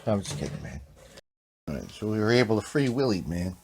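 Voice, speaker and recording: A man hosting a casual workshop vlog in a laid-back, rambling voice. He tacks "man" onto nearly every sentence and sometimes sinks into quiet muttered whispers. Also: lowish voice, very animated, brisk, vocal fry, heavy background noise. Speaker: vlog host, guitar repairer.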